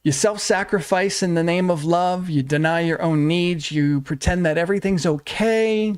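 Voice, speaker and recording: A man's voice: high voice, moderate pace, clear, resonant tone. A man teaching as a relationship coach on a livestream, earnest and repetitive, often checking in with "right?".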